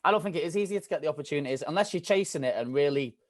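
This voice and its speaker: Talking very fast in a slightly high voice, this man, a radio DJ appearing as a guest, spins animated, chatty stories on a laid-back podcast. His accent is Mancunian, mixed with touches of Scouse and London.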